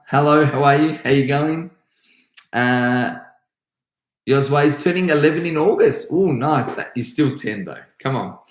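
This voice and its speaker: Brief: Australian male karate instructor on a live Q&A, upbeat and rambling, voice echoing around a bare room. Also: medium pitch. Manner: upbeat, chatty, rambling with restarts. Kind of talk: live stream Q&A, reading comments.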